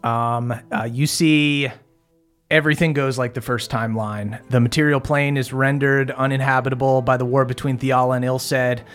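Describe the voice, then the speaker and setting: Young male game master, casual narration with fillers, over soft music. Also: medium pitch, steady tone, moderate pace.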